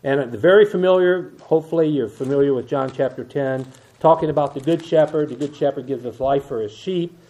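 An older man preaching an evening sermon, reading scripture slowly with emphasis and dropping into quiet asides. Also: mid-range voice. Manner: reads King James verses slowly and with emphasis, asides in a dropped voice. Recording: dull lo-fi church recording.

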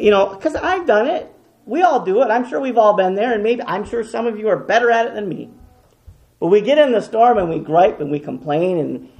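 Man, preacher, gravelly, impassioned, loud then hushed, repeats himself. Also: sits high. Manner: repeats words and restarts. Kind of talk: sermon.

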